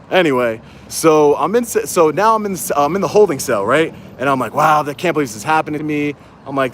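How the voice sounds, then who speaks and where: An indignant man recounts events to his viewers in a casual vlog, talking into a handheld phone outside on a city street. His voice sits in an ordinary middle pitch, and faint traffic and urban ambience hum behind him. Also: fairly bright tone. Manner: indignant, rising to angry rhetorical questions. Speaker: citizen auditor and channel host.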